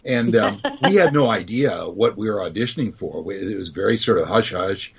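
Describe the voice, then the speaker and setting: A man, a voice actor, telling anecdotes as an interview guest in an animated storytelling manner. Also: low voice, moderate pace, creaky, slightly rough. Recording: dull lo-fi remote audio.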